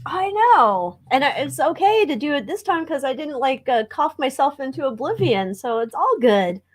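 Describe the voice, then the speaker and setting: A woman's voice: sits high, very animated, normal speed. A woman co-hosting a live tarot stream, chatting in a playful, joking way. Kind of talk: casual live-stream chat.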